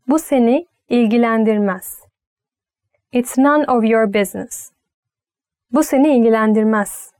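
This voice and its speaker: Slow-paced woman teaching language phrases. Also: fairly high pitch, a little mellow, no room sound, studio quality. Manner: slow, careful phrase-by-phrase teaching with light laughs. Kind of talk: online language lesson.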